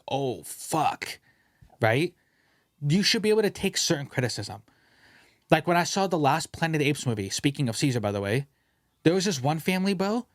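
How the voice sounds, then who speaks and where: Young male podcast co-host, slightly higher voice, animated storytelling with slang and cursing, recorded dry. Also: no room sound. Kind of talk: casual podcast rant.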